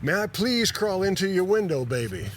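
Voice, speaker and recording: A manic, wild rock drummer with a reckless grin in his voice, as a storyteller puts him on. The British-sounding accent is an amateur's, clumsy and overdone, and the voice is pushed high and louder than the narrator's own, as if it is coming from a little further off the mic. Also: sing-song, moderate pace, background noise.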